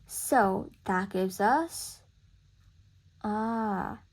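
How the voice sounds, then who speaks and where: Speaking at medium pitch and drawing out her words, a woman gives a casual, screen-recorded music theory lesson, chatting and thinking out loud as she corrects herself.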